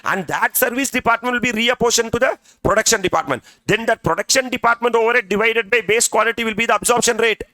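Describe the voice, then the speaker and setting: Man, middle-aged, classroom lecture, bright tone. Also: extremely high pitch, fast talker, hardly any pauses, dry recording. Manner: chatty, keeps asking "are you with me", says "sir" often. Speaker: CA exam tutor. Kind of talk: classroom lecture with story examples.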